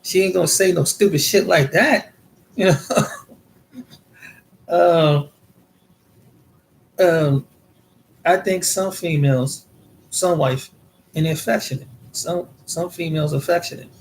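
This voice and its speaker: A man's voice: a little high, takes it slowly, gravelly, long pauses, a little hiss or hum. A man from the United States talking in a casual monologue, rambling and repeating words as he tells his experiences. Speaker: vlogger.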